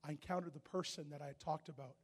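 A man preaching a sermon, telling a story animatedly and often shouting, with a husky voice. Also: fairly high pitch, fairly even intonation, fast talker, big-room sound.

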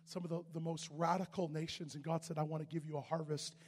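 A man preaching a sermon, telling a story animatedly and often shouting, with a husky voice. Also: fairly high pitch, flat delivery, quick pace, in a large hall, slight background noise.

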